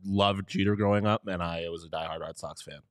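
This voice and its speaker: A man's voice: sits low, steady tone, brisk. A man co-hosting a casual hockey podcast, joking and rambling through stories. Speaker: podcast co-host.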